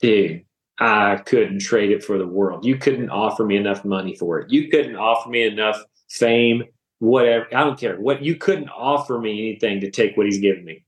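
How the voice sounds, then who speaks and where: A man in his thirties, a podcast guest, giving a personal faith testimony in animated, emotional storytelling full of casual slang. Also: fairly low pitch, normal speed. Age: 30s. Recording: roomy echo.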